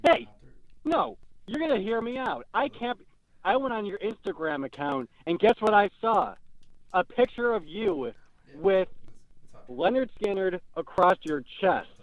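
A man's voice: sits high, big pitch swings, a little slow, dry recording, dull audio. A man playing a frantic hotheaded young caller. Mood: angry. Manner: frantic, whiny, flustered rants. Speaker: prank caller. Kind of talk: comedic call-in sketch.

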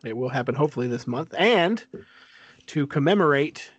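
A man co-hosting a casual podcast, telling stories in a halting way, full of fillers and restarts. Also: fairly high pitch, expressive, no room sound, highs cut off. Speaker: podcast co-host. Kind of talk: casual chat.

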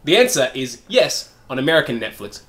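A man's voice: mid-range voice, sing-song, a little fast, sharp tone. A man co-hosting a casual comedy podcast, telling a rambling story with frequent laughs and swearing. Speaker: podcast co-host.

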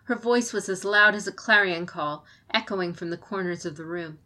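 A woman reading a fantasy novel aloud as audiobook narrator, in a steady storytelling manner. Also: fairly low pitch, normal speed. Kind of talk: scripted narration.

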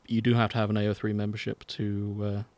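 A man's voice: fairly low pitch, completely flat delivery, fast talker, darkish tone, no room sound. An English man hosting a casual podcast chat, easygoing and organizing, often chuckling. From England. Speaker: podcast host.

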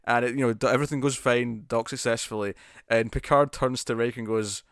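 A man's voice: medium pitch, steady tone, a little fast, a bit bright, no echo, clean studio sound. A man co-hosting a casual podcast, recapping a TV episode with frequent laughs and restarts. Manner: laughing often, rambling with restarts. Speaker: podcast co-host. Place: home room with a cat.

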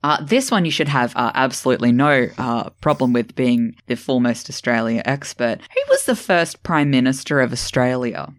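A man's voice: mid-range voice, moderate pace, hardly any pauses, dry recording, studio quality. A man co-hosting a podcast in casual chat, joking around and playing quiz master. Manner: joking, plays quiz-show host. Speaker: podcast co-host.

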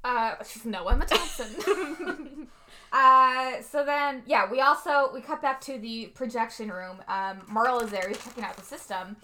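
A woman's voice: a little high, measured pace, slight background noise. A woman co-hosting a casual chat, retelling a movie plot with frequent laughter. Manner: laughs often, animated storytelling. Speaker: podcast co-host recapping a movie.

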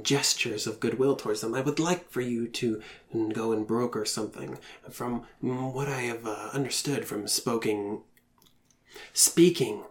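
A man voicing a sinister, domineering male creature who speaks slowly and with hesitations. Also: mid-range voice, close to an everyday voice.

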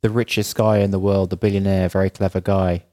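A man co-hosting a podcast in casual chat, firing off rhetorical questions one after another. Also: low-pitched. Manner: animated, rapid-fire rhetorical questions. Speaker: podcast co-host.

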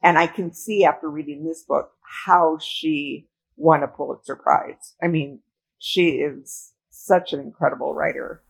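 Gravelly low-voiced woman chatting books. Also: fairly even intonation, measured pace, rough recording. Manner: earnest, restarts her sentences often. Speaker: podcast co-host. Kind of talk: casual book club chat.

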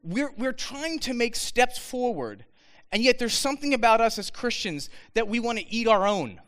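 A man giving an earnest, animated talk to students, with frequent restarts. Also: extremely high pitch, normal speed, smooth. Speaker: speaker addressing students.

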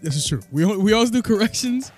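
A man's voice: high voice, animated, fast, faint music behind. A man hosting a casual podcast, talking loosely and joking at his own puns. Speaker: podcast host.

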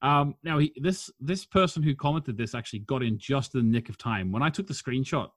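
A man's voice: mid-range voice, lively intonation, brisk, dry recording. Chatty male podcast host, dry sound. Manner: chatty, laughs often, reads out listener comments. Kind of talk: casual chat.

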